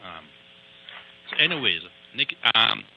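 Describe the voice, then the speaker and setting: A man's voice: on the low side, sing-song, slow pace, creaky, pushed and bright, lo-fi sound, slight background noise. A man who is an immigration attorney, giving emphatic, lecturing advice on a call-in radio show and repeating points for stress.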